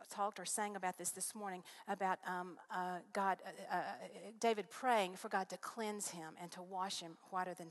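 Giving a testimony sermon as a guest speaker, a middle-aged woman recounts her journey of faith to the congregation. She speaks at a medium pitch, earnest and lively, and her voice climbs as excitement builds.

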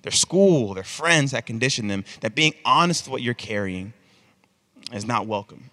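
Bright-voiced male preacher telling stories. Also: mid-range voice, normal speed, dry recording. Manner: animated, conversational storyteller. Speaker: pastor. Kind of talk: sermon with comic storytelling.

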